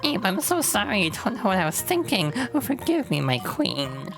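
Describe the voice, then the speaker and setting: A woman's voice: medium pitch, wildly swooping pitch, moderate pace, pitched above the performer's own voice. A woman voicing a nerdy, lovestruck male chameleon lord who stammers and gets flustered, with game music behind. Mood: smitten.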